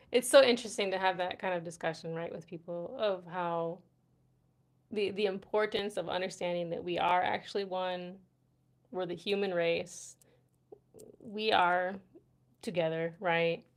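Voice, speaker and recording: A young woman in Morocco hosts a casual livestream, chatting with viewers and reading aloud. Her voice is fairly low and steady, and she speaks unhurriedly with long pauses. She's loose and chatty, laughs a lot, and leans on fillers and tag questions like "right?" and "you know."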